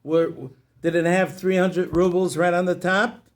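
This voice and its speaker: A man's voice: sits high, little pitch movement, a little slow. A man voicing a distraught man who lost everything. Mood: doubtful. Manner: distraught, pleading. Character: grief-stricken man who lost his fortune.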